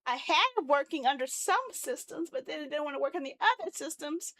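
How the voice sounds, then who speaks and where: A woman's voice: high voice, animated, brisk, few pauses, a bit bright. A woman live streaming as she works on her site, muttering to herself, swearing and repeating herself. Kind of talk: casual live stream while coding.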